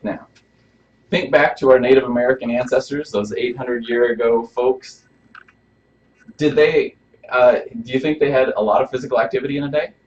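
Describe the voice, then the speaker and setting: A man's voice: mid-range voice, fairly even intonation, moderate pace, a little hiss or hum. A man presenting a health workshop as a chiropractor, talking casually and asking the audience questions. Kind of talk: live workshop talk to an audience. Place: room with a small live audience. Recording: dull lo-fi recording.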